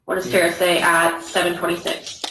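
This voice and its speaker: A woman's voice: fairly low pitch, completely flat delivery, moderate pace, fairly bright tone, slight background noise. A woman attorney questioning a witness in court with brief, prompting questions. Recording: echoey courtroom audio.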